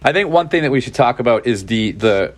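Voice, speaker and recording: A man's voice: mid-range voice, animated, brisk. A man co-hosting a casual podcast about horror films, rambling with many fillers and restarts. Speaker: podcast co-host. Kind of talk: casual film discussion.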